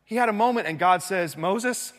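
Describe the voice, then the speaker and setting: A man preaching a sermon, telling the story with animation and dropping from loud passages to hushed ones. His voice sits in a middle pitch. It rings out with the long reverb of a large church sanctuary. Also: lively intonation, moderate pace. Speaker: pastor.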